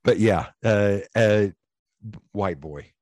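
Low-voiced Southern man telling stories. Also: slow pace, dry recording. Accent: Southern US, East Tennessee. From East Tennessee. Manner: animated storyteller, swears freely. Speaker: podcast host. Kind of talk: casual storytelling chat.

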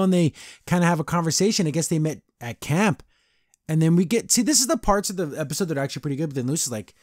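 A young man hosting a podcast, casually recapping a cartoon episode and voicing the characters in quick impressions, with frequent restarts. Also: a little high, lively intonation, darkish tone, no room sound, studio quality. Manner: retells scenes with quick voiced impressions, restarts and stammers. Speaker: podcast host.

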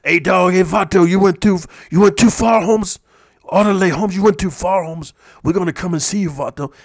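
A man's voice: high-pitched, moderate pace, vocal fry, no room sound, studio quality. A man voicing a menacing male street gang member who gives a slangy warning. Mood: threatening.

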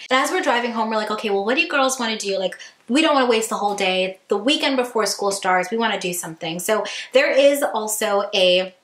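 A young woman vlogger telling a storytime, animated and acting out what people said. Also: a little high, fairly quick. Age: young adult. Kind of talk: casual storytime. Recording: echoey room.

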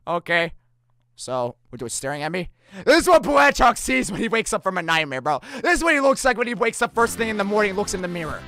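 A man hosting a let's-play reaction, jokey and excitable, breaking into shouts. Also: sits high, quick pace, dry recording. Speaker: gaming channel host.

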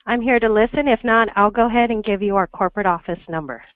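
A woman working as a pet store clerk, answering a customer service call in a calm, polite and firm manner. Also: medium pitch, quick pace, clean tone, dry recording. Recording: dull phone line.

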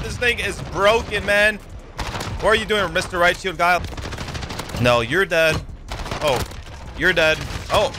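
A young man giving excitable live commentary over his own gameplay, yelping and swearing as the fights heat up. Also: sits high, normal speed, long pauses, noisy background. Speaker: gaming YouTuber. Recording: game gunfire loud under the voice.

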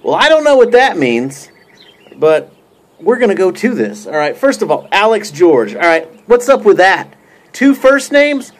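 An American YouTube vlogger who smokes a pipe talks casually to camera in a high, sing-song voice at normal speed. It's a joking mock roast, rambling and packed with fillers and restarts.

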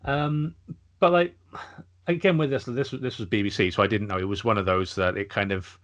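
A man's voice: fairly low pitch, dull audio. A man co-hosting a podcast, chatting casually and rambling with lots of agreement. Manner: rambling, restarts, quick agreement. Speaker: podcast co-host. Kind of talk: casual chat.

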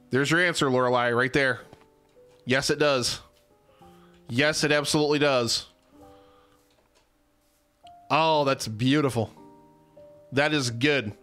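A mid-pitched man talks through his gameplay in a loose, excitable running commentary. He jokes and laughs at himself as he plays, with faint music behind him. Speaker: gaming channel host. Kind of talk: casual let's-play commentary.

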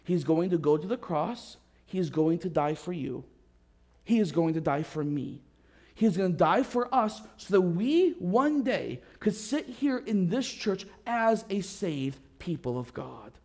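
Pastor guy preaching, kinda high voice, goes loud then real soft telling the story. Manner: storytelling with dramatic swings in pitch and loudness. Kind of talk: sermon. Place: church sanctuary.

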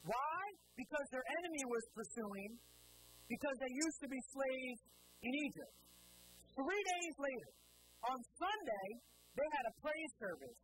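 A man preaching a sermon in church, who asks the congregation questions, answers them himself, and acts out the people in his stories. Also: very high-pitched. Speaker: pastor. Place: church sanctuary. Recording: steady mains hum behind the voice.

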